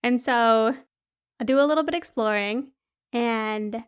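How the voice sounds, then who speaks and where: High-pitched young woman telling a story. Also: measured pace, clean tone. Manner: animated, laughing often. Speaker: podcast co-host. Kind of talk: casual storytelling chat.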